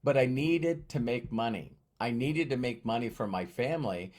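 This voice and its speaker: A male motivational speaker tells a story from his own life and acts out every exchange. His mid-range voice rises and falls in a lively way. He stumbles and repeats words as he gets carried along. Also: medium pitch, moderate pace.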